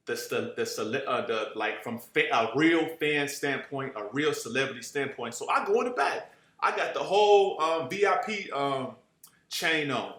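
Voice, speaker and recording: A young man telling a casual, profane story and acting out the people he quotes. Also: a little high. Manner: animated, acts out quoted voices, profane street slang. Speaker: storyteller guest. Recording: roomy echo.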